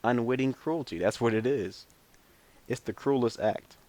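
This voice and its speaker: A man's voice: lowish voice, unhurried, warm tone. A man talking to camera in a casual, rambling monologue, blunt and profane, chuckling between his points. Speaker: vlogger.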